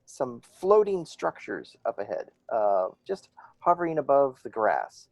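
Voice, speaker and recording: Lively, halting man running a tabletop game. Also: mid-range voice, gravelly, no echo. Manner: hesitant, lively, acts out player's inner voice. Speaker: game master.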